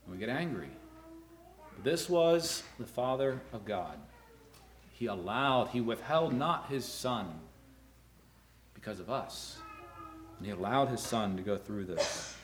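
Middle-aged man, earnest preacher, swells loud then falls quiet, echoey church room. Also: animated, moderate pace. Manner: earnest, rises loud for emphasis then drops low. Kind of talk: sermon.

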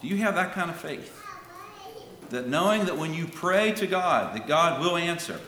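A man delivers a sermon with lively, rising and falling pitch, pushing some lines out loud and dropping others to a hush. He reads scripture in old-fashioned wording. His bright voice rings in a roomy hall with a long reverb tail. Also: normal speed, slight background noise. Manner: dramatic, swings between loud calls and hushed lines. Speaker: preacher.

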